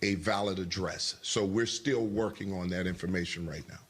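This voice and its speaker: A man answering at a press briefing, measured and guarded. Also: low-pitched, fairly even intonation, a little hiss or hum.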